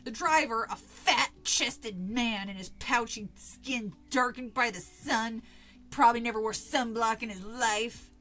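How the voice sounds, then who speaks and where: High-voiced woman doing a casual stream read-along, chatty and sweary, cuts in with her own jokes. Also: a little slow, fairly bright tone. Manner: chatty, swears, laughs, breaks off to comment. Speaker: streamer reading a book aloud.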